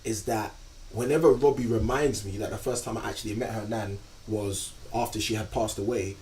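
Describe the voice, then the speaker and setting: A man talks in a measured, explanatory way and checks in with "okay?" to stress his points. His pitch is middling. He sounds somewhat distant from the microphone. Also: fairly even intonation, darkish tone, slight background noise. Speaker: vlog co-host. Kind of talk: reflective couple chat. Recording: distant mic.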